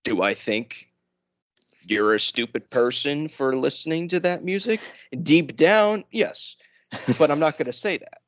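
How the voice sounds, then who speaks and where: A man's voice: on the high side, unhurried, a bit bright, no room sound. A young man from New York co-hosting a podcast, chatting casually with rambling, self-correcting asides. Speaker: podcast co-host. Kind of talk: casual chat.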